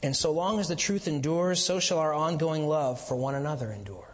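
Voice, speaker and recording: A man preaching a sermon as pastor, mixing chatty asides with slow, emphatic lines. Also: fairly high pitch, in a large hall.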